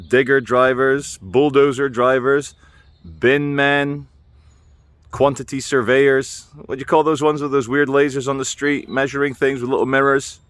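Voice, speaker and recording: A man's voice: medium pitch, fairly bright tone, dry recording. Wry rambling man outdoors. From Britain. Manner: wry, meandering, musing aloud with asides. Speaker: video blogger. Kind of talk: rambling vlog monologue. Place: outdoors on a walk.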